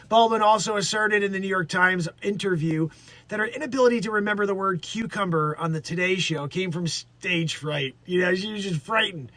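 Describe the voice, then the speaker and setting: A man's voice: sits high, a bit bright. A man hosting a daily livestream, reading news aloud and riffing on it in a rambling, jokey way with some swearing. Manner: rambling, jokey, swears, slips into put-on voices. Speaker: livestream host.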